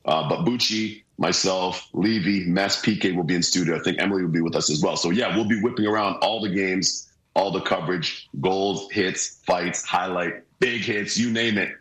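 A man with a deep, hoarse voice talks hockey over a video call. He is energetic and hammers his points home through repetition. His remote feed sounds roomy and echoey. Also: normal speed, few pauses. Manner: energetic, repeats phrases for emphasis. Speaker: guest hockey analyst. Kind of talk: casual sports talk. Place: remote room, joining by video.

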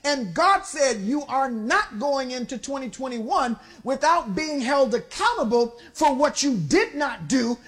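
High-voiced woman preaching with fervor. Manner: emphatic call-and-response preaching, rising to shouts. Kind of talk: sermon.

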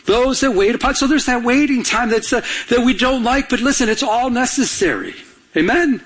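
Male pastor, high husky voice, urgent call-and-response sermon. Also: expressive, moderate pace, a bit bright.

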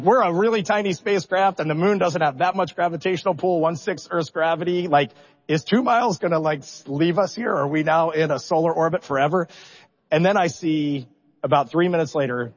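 Animated man telling a story in a hall. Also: fairly high pitch, fairly quick. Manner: animated, self-deprecating, builds suspense. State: emotional, holding back tears. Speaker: mission commander. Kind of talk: press conference storytelling. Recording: dull recording in a reverberant hall.

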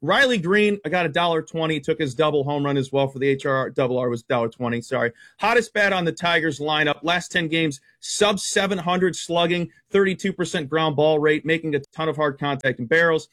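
A man with a high voice talks sports betting as a guest, blunt and brash. He reels off stats in a quick, competitive stream. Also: fairly bright tone. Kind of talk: fast stat-heavy sports betting talk.

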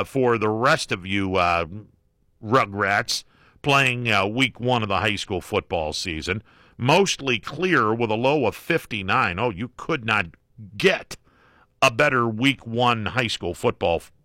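A man hosting a call-in talk radio show, joking and folksy with plenty of fillers and slow emphasis. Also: mid-range voice, pushed and bright, no room sound, studio quality. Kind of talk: casual talk radio monologue. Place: radio studio. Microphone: studio microphone.

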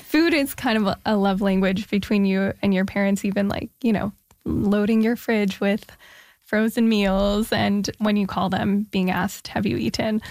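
A woman's voice: medium pitch, fairly even intonation, moderate pace, darkish tone, dry recording. A woman hosting an interview, asking thoughtful follow-up questions in a conversational way.

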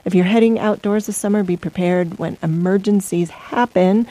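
A woman's voice: medium pitch, warm tone, poor audio. A woman radio host reading local community announcements in a casual way, with fillers and small stumbles. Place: radio studio. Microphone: studio microphone.

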